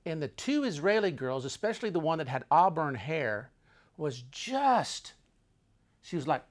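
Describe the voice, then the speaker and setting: Recounting a trip, an elderly man speaks on the high side with a dramatic, animated style that shifts from loud to hushed.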